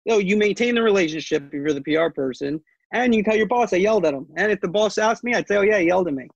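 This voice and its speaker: A man's voice: sits high, fast, gravelly, dry recording, highs cut off. A man who works as a sports media reporter, talking casually in an interview, rambling with many fillers and restarts.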